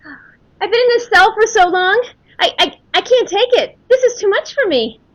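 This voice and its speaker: A woman's voice: very high voice, animated, normal speed, fairly bright tone. A woman playing a lovestruck young angel in an improv scene, eager and stammering. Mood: despairing. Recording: muffled video call audio.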